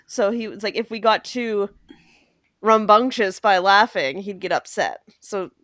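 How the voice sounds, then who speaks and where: A woman's voice: medium pitch, unhurried, a bit bright, dry recording. Woman cohost, chatty and teasing, dry close sound. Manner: chatty, teasing, shares personal stories. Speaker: podcast co-host. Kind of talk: casual chat.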